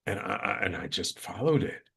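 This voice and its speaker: Male radio host, lowish voice, earnest solo storytelling, repeats for emphasis. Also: sing-song, a little fast, gravelly, a bit bright, breathy edge. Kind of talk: personal storytelling monologue.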